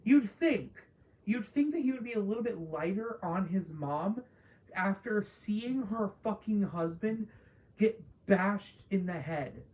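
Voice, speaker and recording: Slow-talking, foul-mouthed woman reviewer. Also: mid-range voice, lively intonation, a little mellow, dull audio. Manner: profane, exasperated, mocking mimicry. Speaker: TV show reviewer. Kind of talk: casual spoiler review rant.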